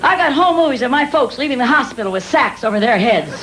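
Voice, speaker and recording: Rapid-fire self-mocking male comic. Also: very high voice, animated, a loud crowd, heavy background noise. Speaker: stand-up comedian. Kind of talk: self-mocking one-liner stand-up. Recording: live show with loud audience laughter.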